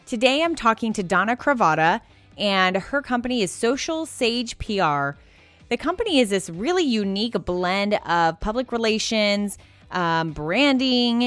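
A woman's voice: medium pitch, no echo. A woman hosting a podcast interview, bubbly and upbeat, laughing often and tripping over her words now and then. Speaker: podcast host.

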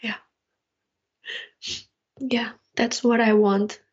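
A husky woman caller speaks slowly and hesitantly. Her voice stays flat and fairly high. The line sounds dull and lo-fi. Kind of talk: casual chat.

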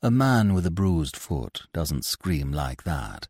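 A man's voice: a bass voice, very animated, slow pace, a little mellow, dry recording, clean studio sound, pitched below the performer's own voice, heavily acted. A man voicing a practical middle-aged woman with a matter-of-fact manner.

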